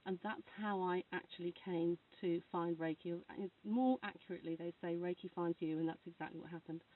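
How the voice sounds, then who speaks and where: A woman's voice: lowish voice, a little fast. A woman who works as a Reiki practitioner, chatting casually to camera while snuggled under a duvet, rambling and laughing as she talks. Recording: tinny phone-like sound from far off.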